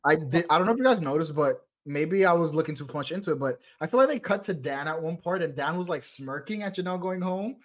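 A man's voice: on the high side, quick pace, few pauses. A man co-hosting a podcast, chatting casually with loose filler words. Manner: relaxed, lots of "like" fillers. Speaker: podcast co-host. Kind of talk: casual recap chat.

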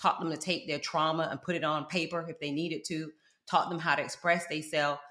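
A woman guest telling her story in an animated, emphatic way, with Jamaican parents and a South Florida upbringing. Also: low voice, brisk, echoey room. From Jamaican parents, grew up in South Florida. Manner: animated, emphatic, quotes others in lively voices. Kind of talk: candid conversational storytelling.

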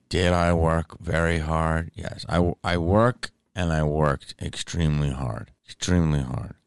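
A tired man hosts his podcast straight out of bed, his voice extremely low and gravelly with fry. He talks candidly and rambles, restarting sentences as he goes. The sound is smooth and resonant, recorded close in a dry room. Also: no echo. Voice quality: deep morning voice. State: tired, just woke up. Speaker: podcast host. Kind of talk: casual podcast monologue. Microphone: studio microphone.

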